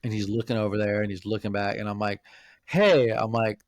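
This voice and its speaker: A man's voice: lowish voice, fast talker, no room sound, studio quality. A man, a podcast co-host and convention vendor, telling a story in casual chat, swearing freely and acting out the other people's lines. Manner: animated storyteller, acts out quotes, swears freely.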